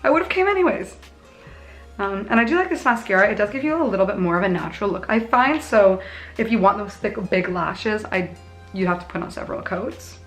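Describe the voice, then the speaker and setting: A woman's voice: mid-range voice, expressive, brisk, faint music behind. A young woman in her twenties from Canada, chatting through a casual makeup tutorial with bubbly, self-mocking asides. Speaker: beauty vlogger.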